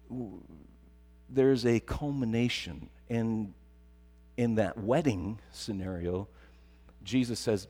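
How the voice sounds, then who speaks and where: A man's voice: medium pitch, warm tone. A middle-aged man preaching a sermon, telling stories and building to emphatic repetition. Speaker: pastor. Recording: long hall reverb.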